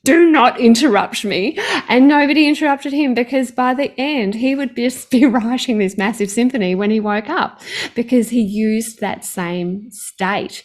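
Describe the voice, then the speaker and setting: A woman's voice: fairly high pitch, moderate pace, a little mellow. A woman hosting a podcast interview, speaking in a reflective, articulate way as she shares her thoughts and asks questions. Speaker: podcast host. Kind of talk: interview conversation.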